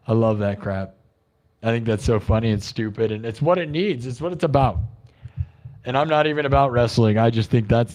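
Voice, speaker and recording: A man hosting a livestream, chatting casually in a rambling, excitable and joking way. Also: medium pitch. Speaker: livestream host.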